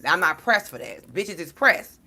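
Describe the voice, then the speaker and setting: A woman who reads tarot cards, talking straight to her followers in a blunt, profane, slang-heavy and animated monologue. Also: fairly low pitch, moderate pace, slightly rough. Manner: storytelling, addressing followers as y'all. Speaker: tarot card reader. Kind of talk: casual direct-to-camera monologue.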